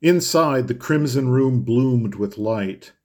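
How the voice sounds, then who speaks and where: Guy reading an old novel aloud, steady and expressive, medium pitch. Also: slow pace. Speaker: audiobook narrator. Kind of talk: scripted literary narration.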